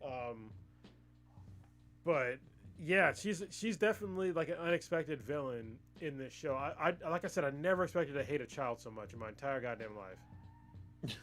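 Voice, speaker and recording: A man co-hosting a livestream, chatting casually about anime with excitable, profane energy and frequent laughter. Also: mid-range voice, normal speed. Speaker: livestream co-host.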